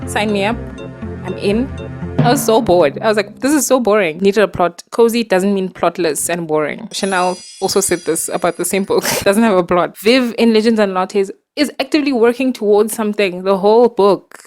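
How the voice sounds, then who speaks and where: A woman talking casually about books to her viewers, animated and exasperated, with lots of fillers and laughs, recorded in a dark room at night. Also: medium pitch, moderate pace, faint music behind. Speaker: booktuber. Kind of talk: casual ranting book review.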